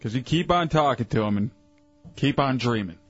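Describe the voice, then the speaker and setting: A male radio cohost bantering casually and firing off quick wisecracks. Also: mid-range voice, expressive, a bit bright, dry recording, soft background music. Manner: joking, quips wisecracks. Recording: dry, slightly dull radio studio.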